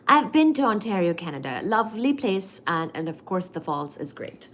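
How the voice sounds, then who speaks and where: A woman's voice: fairly low pitch, very animated, moderate pace, fairly bright tone. A woman hosting a casual livestream at home, reading viewer comments aloud and thanking them effusively, with lots of fillers. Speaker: livestream host.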